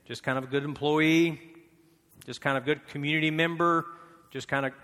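A man's voice: a little high, fairly even intonation, normal speed, sharp tone. A man preaching a sermon in a conversational way, firing off rhetorical questions and repeating key phrases. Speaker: pastor. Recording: long hall reverb.

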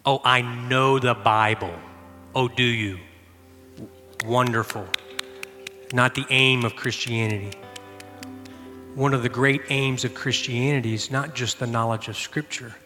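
A middle-aged man pastor preaching a sermon, telling a lively personal story with shouted bursts and then easing into quiet prayer. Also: mid-range voice, a little slow, pauses often. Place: church sanctuary. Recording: long hall reverb with faint music.

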